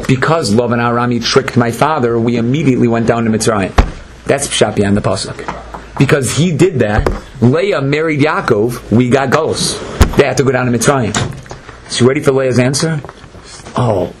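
A man giving an animated Torah lecture, dramatic and acting out the voices of the people in his story. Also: moderate pace, background noise. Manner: dramatic, acts out voices, swings between high and low. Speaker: Torah teacher.

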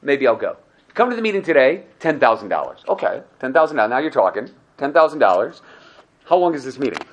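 A man's voice: mid-range voice, fast, highs cut off. A man teaching a Torah class, telling stories and acting out the dialogue, often asking "right?". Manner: animated storyteller, acts out dialogues, asks "right?" often.

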